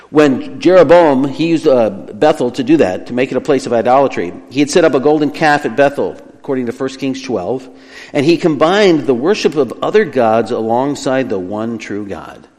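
A man preaching a sermon as pastor, earnest, slowing and softening when he voices God's words. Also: medium pitch. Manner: earnest preaching, slows down and drops quieter for quoted words of God. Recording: long hall reverb.

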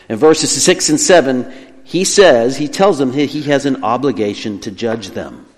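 A man preaching a sermon as pastor, earnest, slowing and softening when he voices God's words. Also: mid-range voice. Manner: earnest preaching, slows down and drops quieter for quoted words of God. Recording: long hall reverb.

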